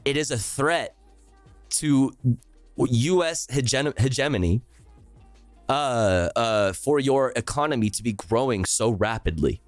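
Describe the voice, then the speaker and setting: A man's voice: mid-range voice, slow pace, no echo, faint music behind. A male streamer ranting sarcastically and with heavy profanity while reacting live to a news clip.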